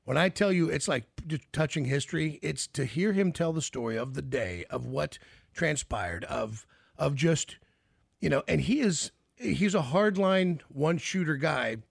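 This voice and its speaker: A male radio host with a slightly high, gravelly and husky voice, recorded dry and close. He chats and tells stories with many restarts. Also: lively intonation, a little slow, no echo. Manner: chatty, storytelling, lots of restarts. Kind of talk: casual interview.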